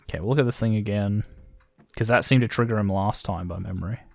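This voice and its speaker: A man's voice: fairly low pitch, fast talker, vocal fry, faint music behind. A man with an Australian accent giving casual, self-deprecating let's-play commentary, thinking aloud as he plays. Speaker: gaming channel host.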